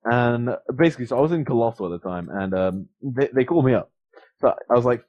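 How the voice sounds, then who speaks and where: A man's voice: mid-range voice, lively intonation, fast talker, darkish tone. A young man hosting a podcast, telling a rambling, profane story with many fillers and restarts. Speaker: podcast host. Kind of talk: casual storytelling chat. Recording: dull lo-fi sound.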